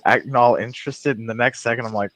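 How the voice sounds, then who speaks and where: A man's voice: mid-range voice, steady tone, quick pace, a bit bright, no room sound, low-quality recording. A man in casual conversation who talks loosely, swears, and laughs often. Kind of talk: casual chat.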